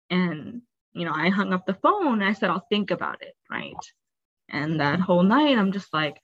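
A young woman from Texas, an interview guest, telling a personal story candidly and haltingly, often saying "like" and acting out what others said. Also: medium pitch, animated, fairly bright tone, muffled recording. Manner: candid, halting, acts out quoted dialogue, frequent "like".

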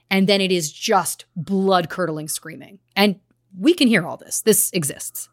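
A woman's voice: lowish voice, unhurried, no room sound, clean studio sound. A woman co-hosting a true crime podcast, reading case details with earnest, grave emphasis. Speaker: podcast co-host.

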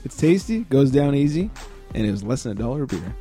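A man hosting a casual beer podcast, relaxed and chatty, laughing often. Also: mid-range voice, quick pace, faint music behind. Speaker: podcast host. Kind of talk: casual chat.

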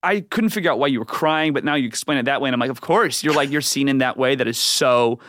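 A man, a comedian guest on a podcast, tells a rambling comic story and acts out the quotes with sudden jumps in pitch. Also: fast, fairly bright tone, no room sound, clean studio sound.

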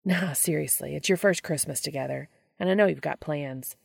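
A woman's voice: low voice, normal speed, vocal fry, breathy edge, no echo, clean studio sound, full character voice. A woman reading the part of an easygoing, good-natured young man. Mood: friendly.

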